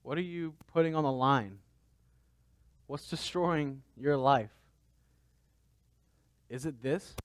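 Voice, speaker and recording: A man's voice: a little high, takes it slowly, pauses often, dry recording. A man pastor preaching a conversational sermon, asking his listeners rhetorical questions.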